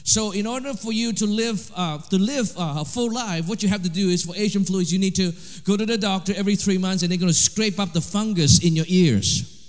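A pastor with a high voice preaches a brisk sermon, swinging lively between loud, emphatic lines and quiet asides. Long reverb surrounds his voice, as if he were in a large hall.

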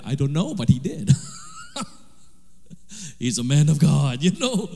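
A man preaching a sermon, animated, swinging between loud emphasis and quiet asides. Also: fairly high pitch, slow pace, gravelly, in a large hall. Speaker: pastor.

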